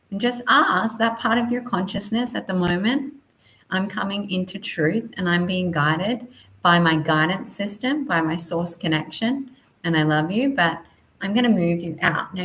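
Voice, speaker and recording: A woman leads a guided spiritual lesson in a soft, flowing voice. She speaks a little low, affirming each point with gentle emphasis. Her tone stays calm and encouraging throughout. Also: slight background noise, low-quality recording. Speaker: spiritual teacher.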